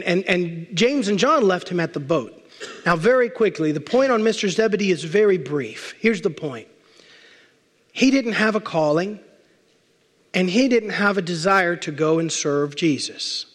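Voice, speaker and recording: High-voiced preacher in an echoing hall. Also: male voice. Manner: emphatic, with repeated lists and slowed words for stress. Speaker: pastor. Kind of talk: sermon. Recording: long reverb of a large hall.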